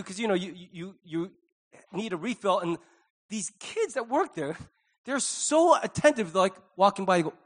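A man's voice: high-pitched, lively intonation, normal speed. A middle-aged man preaching a conversational sermon, telling stories with animation and acting out the dialogue. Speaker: pastor.

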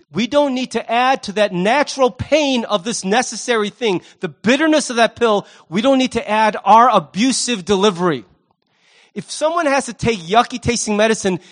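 A pastor preaching a sermon, animated, acting out the voices he quotes and repeating words as he starts a thought. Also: high-pitched.

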